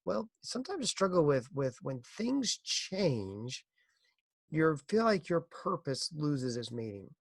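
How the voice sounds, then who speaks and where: Middle-aged male podcaster, earnest encouraging delivery, some vocal fry. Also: on the high side, sing-song, slow, no echo, studio quality. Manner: earnest, encouraging, tells a corny joke. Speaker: podcast host. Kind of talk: casual motivational podcast talk.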